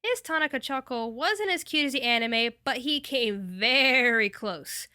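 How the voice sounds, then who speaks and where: An enthusiastic woman chats through an anime review in a high, lively, bright voice. The sound is dry and close. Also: a little slow, smooth, dry recording. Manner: enthusiastic and chatty. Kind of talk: casual review.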